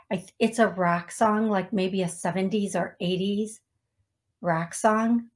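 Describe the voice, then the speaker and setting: Hosting a psychic medium live-stream talk show, a woman speaks in a steady, medium pitch. She's slow and chatty as she reads out names and songs for viewers, self-deprecating and breaking into little laughs.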